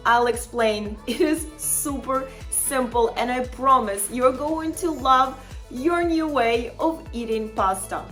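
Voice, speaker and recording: A travel vlogger speaks to camera with upbeat, friendly tips, chatty and encouraging, calling her viewers "fabulous people" and laughing often. Her voice is high and fairly bright, slow-paced, with faint music in the background.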